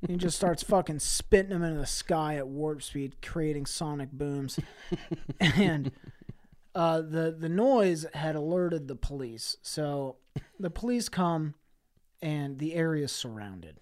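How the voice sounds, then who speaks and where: Man deadpan-spinning an absurd podcast story. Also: on the high side, slow pace. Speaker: podcast co-host. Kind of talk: casual comedic improv chat.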